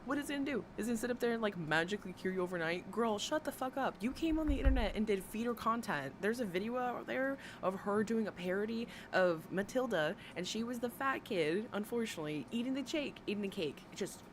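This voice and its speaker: A woman's voice: medium pitch, lively intonation, fast talker, few pauses. A woman hosting a livestream, ranting and gossiping bluntly and sarcastically with lots of swearing. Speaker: livestream host. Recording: noisy background.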